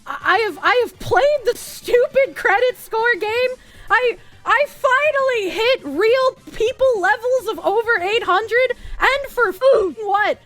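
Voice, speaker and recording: Very high-pitched woman ranting angrily. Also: lively intonation, slow pace, faint music behind. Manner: angry, swearing, bursts into shouts. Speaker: streamer. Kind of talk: ranting stream chat.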